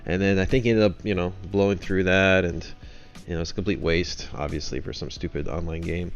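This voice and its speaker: A man's voice: low-pitched, steady tone, a little fast, lo-fi sound, soft background music. A man hosting a livestream in casual chat, rambling with fillers and jokes. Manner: rambling, full of fillers, joking. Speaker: host of a trading livestream.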